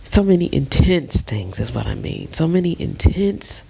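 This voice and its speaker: A middle-aged woman lying in bed in a dark bedroom, talking slowly and emotionally in a soft, often half-whispered voice. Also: deep voice, very animated, creaky, a little hiss or hum. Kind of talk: casual personal vlog.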